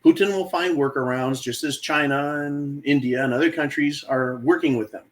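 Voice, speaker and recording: A man's voice: on the high side, moderate pace, low-quality recording. A man hosting his own channel, talking to viewers in an exasperated, emphatic opinion monologue and often calling them folks. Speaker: channel host.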